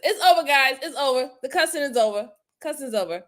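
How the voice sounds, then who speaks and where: A woman's voice: high voice, expressive, fast, few pauses. A woman hosting a crime commentary show, talking casually in an outspoken, exasperated way and then apologizing for her cussing. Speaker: host reacting to crime footage.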